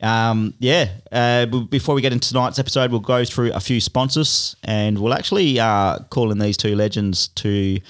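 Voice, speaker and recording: Laid-back Australian male host with halting, filler-heavy chat. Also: mid-range voice. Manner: loose, filler-heavy, laughing. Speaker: podcast host. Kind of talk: casual podcast chat.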